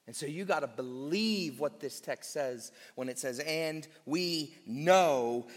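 A man with a high-pitched voice delivers a sermon at an unhurried pace, stretching out the key phrases for emphasis. His voice rings with a long reverb, as in a church sanctuary. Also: fairly bright tone. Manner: slow, emphatic preaching, drawing out key phrases. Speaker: pastor.

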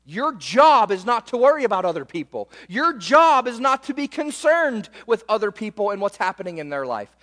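High-voiced preacher in an echoing hall. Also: male voice, big pitch swings, normal speed, a bit bright. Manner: conversational preaching, repeats words, emphatic refrains. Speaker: pastor. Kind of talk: sermon.

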